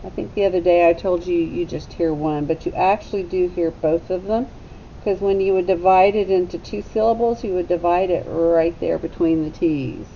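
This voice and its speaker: A woman teacher giving a phonics lesson to young children, sounding out letters slowly and deliberately. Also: steady tone, creaky. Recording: slightly dull recording with faint rumble.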